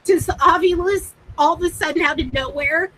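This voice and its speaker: A woman hosting a live paranormal session who talks excitedly, laughs often and repeats herself. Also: very high voice, moderate pace, poor audio. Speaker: paranormal livestream host.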